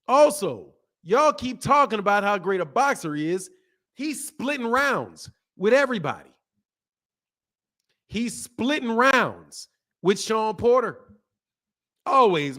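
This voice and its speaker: Male boxing-channel host, high-pitched, animated and slangy, loops back over his own phrases. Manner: animated, repeats himself, laughs, slangy. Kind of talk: casual boxing talk.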